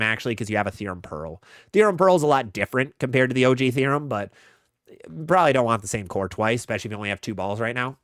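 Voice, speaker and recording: A man's voice: mid-range voice, no room sound, studio quality. A man hosting a live bowling Q&A, giving casual gear advice in answer to viewer questions. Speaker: bowling channel host. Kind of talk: live stream Q&A, answering chat.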